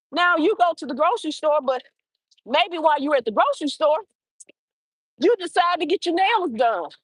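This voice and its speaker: Animated woman giving motivational talk. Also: high-pitched, no echo, rough recording. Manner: animated, acts out little dialogues. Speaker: livestream host. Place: outdoors on a walk.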